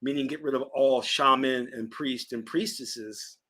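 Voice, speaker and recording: A man from Virginia giving an emphatic, preaching spiritual lecture on a livestream, answering chat and stretching key words slowly. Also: medium pitch, steady tone, bright, forceful tone. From Virginia, US South. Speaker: spiritual teacher and channel host.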